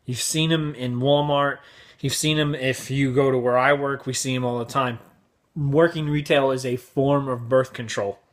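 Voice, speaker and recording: A man's voice: medium pitch, steady tone, moderate pace. A young man hosting his vlog, telling crude, exaggerated stories in a brash comedic rant. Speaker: vlog host.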